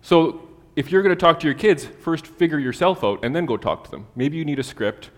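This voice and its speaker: A man's voice: a little high, a little fast, in a large hall. A man preaching a sermon in an easygoing, humorous way, mixing everyday stories and asides with Bible readings.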